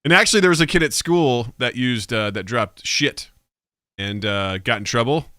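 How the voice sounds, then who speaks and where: A man co-hosting a podcast in casual chat, an animated storyteller who acts out family voices and swears freely. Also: medium pitch, moderate pace, no room sound, studio quality. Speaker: podcast co-host.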